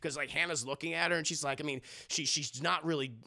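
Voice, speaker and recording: A man's voice: on the high side, fairly even intonation, fast talker, vocal fry, sharp tone. A man giving casual, profane live-stream commentary, recapping a cartoon episode and often talking to his chat. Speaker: streamer reviewing an animated show.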